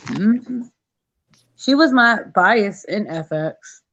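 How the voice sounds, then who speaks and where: A woman co-hosting a podcast in casual chat, calm and earnest. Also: medium pitch, extremely slow, highs cut off, slight background noise. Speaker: podcast co-host.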